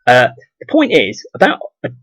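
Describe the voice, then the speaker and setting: A man's voice: medium pitch, wildly swooping pitch, normal speed, fairly bright tone, husky, no echo, low-quality recording. A man with a southeast English accent delivering a rambling, profane ranting monologue for his video blog, full of repeated restarts. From southeast England. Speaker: video blogger.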